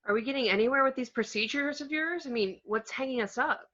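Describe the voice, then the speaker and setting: A woman plays an impatient scientist firing off dry questions. Her tone is bright, and the sound is muffled and lo-fi. It is a home table read. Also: sits high, fast. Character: female paleobotanist, impatient and sharp. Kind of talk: table read over video call.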